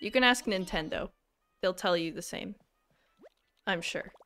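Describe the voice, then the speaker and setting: Over soft background music, a woman speaks at a measured pace in a fairly low, fairly bright voice. She's streaming a game live, bantering with viewers and often putting herself down in playful outbursts.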